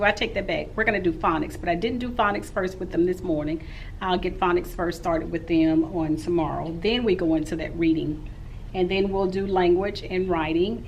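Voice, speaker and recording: A woman's voice: fairly low pitch, a little hiss or hum, low-quality recording. A woman in her forties, a teacher, recapping her day in a casual, rambling vlog. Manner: rambling and talkative.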